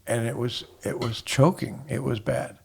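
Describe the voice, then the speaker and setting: A man's voice: mid-range voice, steady tone, normal speed, gravelly. A man in his seventies, a guest in a casual chat, telling rambling stories with many restarts. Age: 70s.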